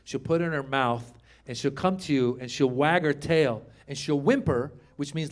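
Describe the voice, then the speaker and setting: A middle-aged man from Iran doing an animated stand-up set on a club stage, acting out shouted quotes as he tells stories. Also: fairly high pitch, normal speed. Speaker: stand-up comedian. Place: comedy club stage with live audience.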